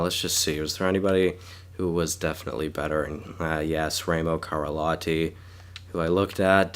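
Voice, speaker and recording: Low-voiced sick young man thinking aloud. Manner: thinking aloud, hesitant, stumbles over names. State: sick, sore throat. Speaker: gaming YouTuber. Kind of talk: casual game commentary.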